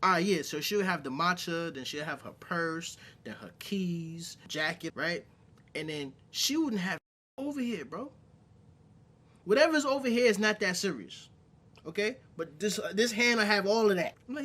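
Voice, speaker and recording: A man's voice: sits high, moderate pace. A man hosting a casual reaction commentary, joking and talking straight to his viewers. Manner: animated, joking, talks to viewers directly. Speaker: commentary host.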